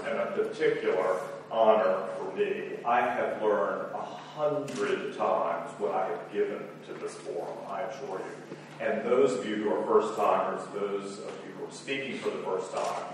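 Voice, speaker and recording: In a lecture hall, a deep-voiced man moderates a conference, delivering formal remarks laced with dry, self-deprecating humor. The recording picks him up from far off in the roomy hall, with slight background noise.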